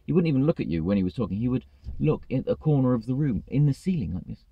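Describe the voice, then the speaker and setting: A man's voice: medium pitch, sing-song, fast, no echo, narrow, tinny audio. A man, a truck driver, ranting in a vlog, exasperated and swearing freely.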